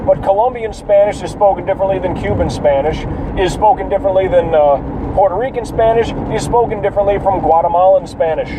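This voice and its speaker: High-voiced man rambling in a noisy car. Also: quick pace. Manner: rambling, profane, many fillers. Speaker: vlogger. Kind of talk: casual rambling monologue.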